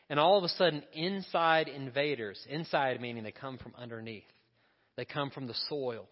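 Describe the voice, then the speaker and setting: A male pastor with a slightly raised voice preaches in a relaxed, conversational way, often turning to the congregation with questions and side remarks. The voice rings with a long hall reverb, and the recording is dull and lo-fi. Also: a little high. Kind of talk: sermon.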